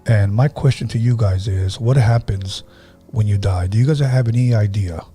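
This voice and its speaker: Laid-back husky-voiced man hosting a podcast. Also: fairly low pitch, normal speed, faint music behind. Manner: relaxed storyteller, acts out quoted voices; takes calls from listeners. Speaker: podcast host. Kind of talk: casual paranormal podcast storytelling.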